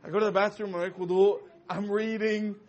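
A man telling a story to an audience in a lively talk, often laughing and saying "you know". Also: sits high, a little fast.

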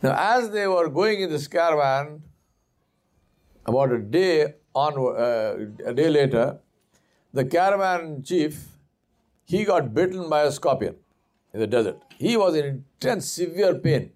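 A man gives a sermon as a story, with a fairly high voice. He tells it with animation and slips into voices for the people in the tale. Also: expressive, measured pace, darkish tone. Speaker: preacher.

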